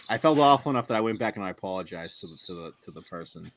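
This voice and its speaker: A man casually telling a story to friends in a profane, self-deprecating way, with loud outbursts. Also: lowish voice, lively intonation, rapid-fire, a little hiss or hum.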